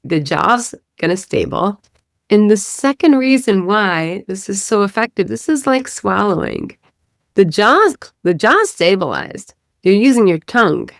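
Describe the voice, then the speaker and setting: A woman's voice: lowish voice, no echo, clean studio sound. A woman speech-language pathologist explaining a therapy method, demonstrating sounds and checking in with "right?". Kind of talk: teaching podcast explanation.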